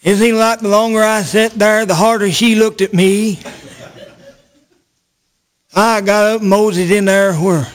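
Guy doing a deadpan comedy yarn, voice sits pretty high, slow drawl. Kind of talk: folksy stand-up storytelling.

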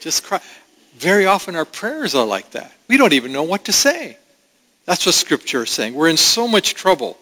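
Earnest pastor with a bright voice. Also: male voice, a little high, sing-song. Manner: earnest, conversational, with halting restarts. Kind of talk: sermon. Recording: long hall reverb.

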